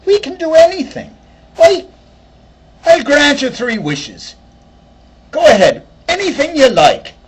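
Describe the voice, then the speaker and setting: A man's voice: very high-pitched, big pitch swings, slow, long pauses, a little hiss or hum, voice pushed up, exaggerated voice. A man voicing a cheeky little male leprechaun with an Irish accent, lilting, sly and boastful.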